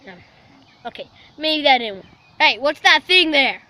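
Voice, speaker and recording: A grandiose, scheming little house cat who plots world domination, then loses the thread to anything shiny. A woman puts on the voice high, bright and unhurried. Home-video clowning. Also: expressive, heavily acted. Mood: playful. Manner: grandiose villain boasting, easily distracted. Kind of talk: playful home-video voice-over.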